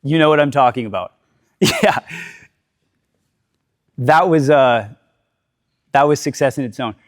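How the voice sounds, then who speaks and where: A man with a mid-range voice speaks at a measured pace, recorded dry and at studio quality. Giving a candid motivational talk to a live audience, he tells his story, swears freely, asks questions, and tags lines with "right?".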